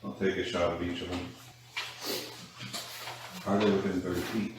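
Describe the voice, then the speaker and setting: A man playing a tabletop game, calmly calling out his attacks and rolls. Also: low voice, moderate pace. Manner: matter-of-fact, calling out rolls. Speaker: player. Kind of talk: casual tabletop play. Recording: echoey room, far from the mic, hiss.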